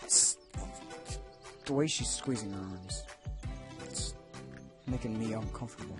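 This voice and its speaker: A man's voice: a little high, normal speed, long pauses. A man reviewing a video game, reading its text aloud and breaking off into sarcastic, jokey asides. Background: faint game music.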